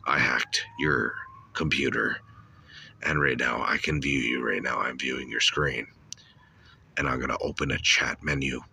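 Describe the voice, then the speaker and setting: A man putting on a deep, ominous voice as a hacker taunting a victim over a voice message. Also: steady tone, a little slow, gravelly, pushed and bright, slight background noise, exaggerated voice. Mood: menacing.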